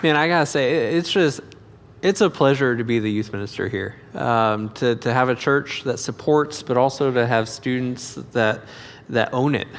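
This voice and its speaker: A man hosting a church service as youth minister, upbeat and casual, halting with fillers. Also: mid-range voice, a little hiss or hum. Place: church sanctuary. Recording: long reverb of a church hall.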